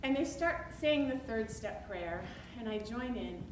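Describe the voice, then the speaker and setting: A woman telling a personal story to a live audience, animated and self-deprecating. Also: on the high side, a little slow. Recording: roomy, distant mic with background noise.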